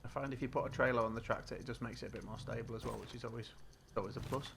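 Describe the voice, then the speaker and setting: A man's voice: mid-range voice, steady tone, rapid-fire, creaky, background noise. British man muttering through a game stream. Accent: British English. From Britain. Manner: muttering to himself while playing. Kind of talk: casual live-stream commentary.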